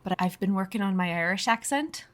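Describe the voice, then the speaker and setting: A woman's voice: medium pitch, lively intonation, a little fast. Blunt, giggly woman podcast co-host. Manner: blunt, swearing, giggly, playful teasing. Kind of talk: casual chat.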